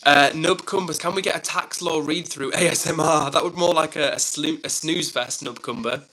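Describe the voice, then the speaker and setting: A man's voice: fairly high pitch, moderate pace, sharp tone, poor audio. A young man hosting his own live stream, chatting casually and reading out viewer comments in an upbeat, self-deprecating way.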